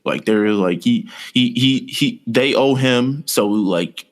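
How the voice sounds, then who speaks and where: A man's voice: mid-range voice, slow pace. A man co-hosting a casual wrestling podcast, rambling through a story with lots of quoted asides. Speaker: podcast co-host.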